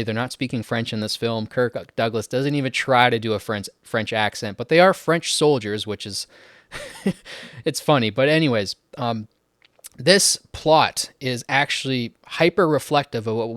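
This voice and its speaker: A man's voice: medium pitch, a bit bright, smooth, no room sound, studio quality. A man talking casually and eagerly about films he loves, with frequent likes and ums as he goes. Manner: chatty and enthusiastic, many likes and ums. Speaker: film list channel host. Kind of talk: casual film review talk.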